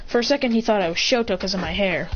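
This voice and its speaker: A woman's voice: mid-range voice, quick pace, natural voice. A woman voicing an eager, stubborn five-year-old boy in a fan story. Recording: dull home recording with faint ambient noise.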